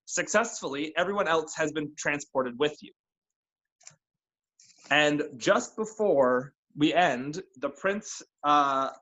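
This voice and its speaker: Man running a tabletop game, halting. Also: a little high, pushed and bright, rough recording. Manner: halting narration with many fillers. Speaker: game master. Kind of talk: narrating a tabletop game over a call.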